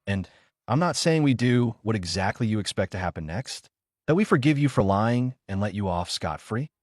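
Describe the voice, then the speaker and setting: Man doing a measured interrogator, reluctant, dry sound. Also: lowish voice, animated, no echo.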